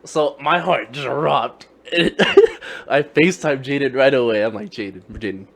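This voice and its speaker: A man's voice: mid-range voice, takes it slowly, vocal fry. A young man co-hosting a casual podcast, telling stories in slangy talk and laughing often. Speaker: podcast co-host. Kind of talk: casual chat.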